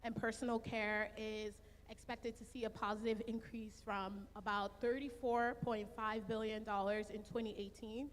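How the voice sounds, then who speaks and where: A woman moderates a panel at an expo, earnest and measured with frequent fillers. Her voice carries a long hall reverb, and faint noise sits underneath. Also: fairly high pitch, flat delivery. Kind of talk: opening a panel discussion.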